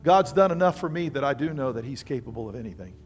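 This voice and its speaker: An older man preaching a sermon as pastor, lively and conversational, calling on the congregation to respond. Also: medium pitch, fast, soft background music. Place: church sanctuary.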